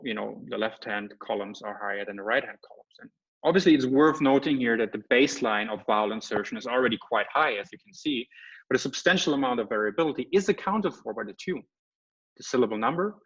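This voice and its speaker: A guest speaker gives an academic lecture in a mid-range, slightly bright voice with a breathy edge, the audio a bit muffled. He explains step by step and often checks in with "right?" or "okay?"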